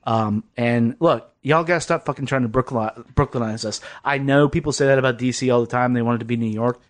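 A man's voice: mid-range voice, quick pace. Chatty, rambling podcast host man. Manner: rambling, swearing, laughing often. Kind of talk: casual chat. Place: basement.

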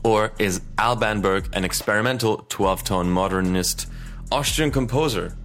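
Low-voiced man hosting a quiz, laughing often. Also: moderate pace, fairly bright tone, soft background music. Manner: laughs often, hesitant restarts. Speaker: podcast co-host running a quiz segment. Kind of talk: casual quiz chat.

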